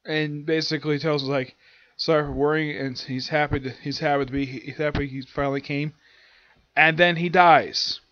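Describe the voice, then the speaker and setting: Rambling man recapping anime, slightly high voice. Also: steady tone, normal speed, a bit bright, no echo. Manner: rambling, filler-heavy retelling. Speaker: anime reviewer. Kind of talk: casual episode recap. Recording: dull lo-fi dry sound.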